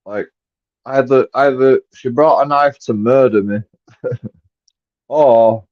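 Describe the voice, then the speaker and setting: A man, rambling profanely on a live stream and swinging between mumbled asides and loud outbursts. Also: on the low side, dry recording. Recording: dry, dull lo-fi sound.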